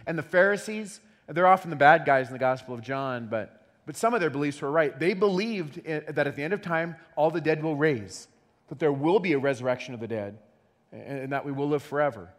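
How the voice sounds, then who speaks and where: A man preaching a sermon in an animated way, repeating words as he acts out quotes. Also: fairly high pitch. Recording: long hall reverb.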